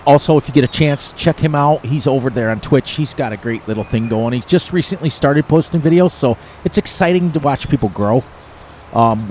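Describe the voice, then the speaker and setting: A man's voice: medium pitch, darkish tone, a little hiss or hum. A man in his sixties from the eastern United States, chatting casually and rambling while playing a farming game, often laughing at his own jokes. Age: 60s. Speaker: gaming streamer. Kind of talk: casual gameplay commentary.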